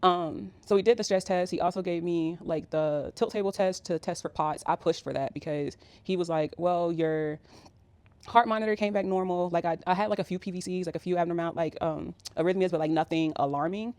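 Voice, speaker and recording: A woman's voice: lowish voice, fairly even intonation, a little fast, few pauses, a little mellow, no echo. A woman in her thirties telling a personal story in a casual, rambling way, with many fillers. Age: 30s. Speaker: vlogger.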